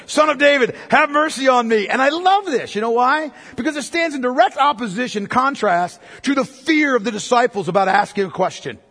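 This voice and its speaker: A man preaches from the pulpit in a high, husky voice, his words ringing out with a long hall reverb. He rises to impassioned near-shouts and then drops to hushed, intimate tones. It sounds like a sermon in a large church sanctuary. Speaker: pastor.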